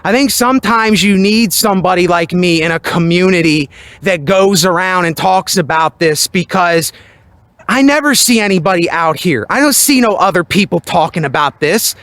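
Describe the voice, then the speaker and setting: A man with a high-pitched voice delivers a loud, emphatic motivational monologue. He is outside at night near his building, speaking close into a handheld microphone. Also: moderate pace, dry recording. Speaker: vlogger.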